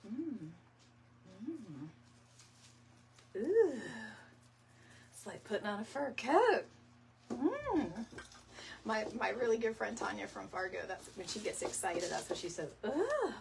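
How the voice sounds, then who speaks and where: A woman's voice: mid-range voice, sing-song, unhurried, vocal fry, slight background noise. A woman hosting a home decor tutorial, chatting casually and rambling as she works. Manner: chatty, rambling, says y'all, laughs easily. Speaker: DIY decor video host. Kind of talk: casual craft tutorial chat. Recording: somewhat distant mic with faint room ambience.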